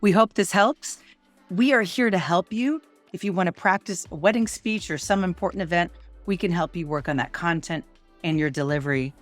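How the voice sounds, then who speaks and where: A middle-aged woman, a communication coach, gives presentation tips in an expressive way and shows pauses and emphasis as she talks. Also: lowish voice, soft background music.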